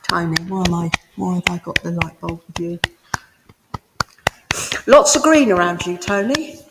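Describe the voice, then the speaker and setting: Through heavy background noise and long hall reverb, a woman speaks on the low side with an expressive tone at normal speed. She's giving a chatty, down-to-earth spiritualist reading straight to a listener in a village hall.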